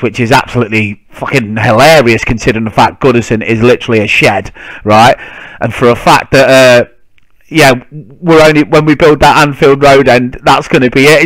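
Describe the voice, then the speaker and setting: A man's voice: fairly high pitch, a bit bright, dry recording, rough recording. A man ranting indignantly to camera about football rivals, swearing freely. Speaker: football fan vlogger. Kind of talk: casual ranting monologue.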